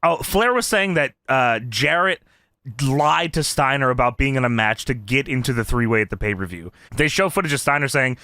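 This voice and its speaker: A man's voice: medium pitch, expressive, normal speed, bright, forceful tone, no room sound, studio quality. A man co-hosting a podcast, recapping wrestling in casual chat, swearing, laughing and acting out wrestlers' lines. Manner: swearing, laughing, quoting wrestlers in put-on voices. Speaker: podcast co-host.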